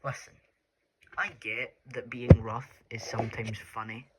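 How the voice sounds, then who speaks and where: A man's voice: mid-range voice, flat delivery, measured pace, very noisy. A Scottish man talking casually to his viewers in a rambling, chatty way, full of fillers. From Scotland. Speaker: YouTuber. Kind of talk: casual vlog talk.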